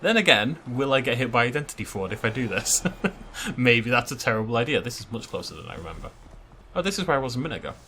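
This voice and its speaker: A man's voice: medium pitch, big pitch swings, fast, bright, forceful tone, slight background noise. A man chatting and joking as he plays through a video game, thinking aloud as he goes. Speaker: gaming YouTuber. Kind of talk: let's play commentary.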